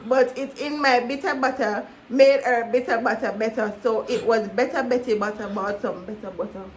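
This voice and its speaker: A woman's voice: on the high side, steady tone, normal speed. A woman vlogger taking on a tongue-twister challenge, giggling and stumbling over the words.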